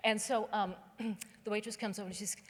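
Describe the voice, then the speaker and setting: A woman from southern West Virginia delivers a keynote in a relaxed, joking storyteller's manner, her clear throughout. Her voice sits at a middle pitch, and a long hall reverb trails every phrase from the theater stage. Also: fairly quick. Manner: humorous, conversational, folksy. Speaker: keynote speaker. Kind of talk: storytelling speech.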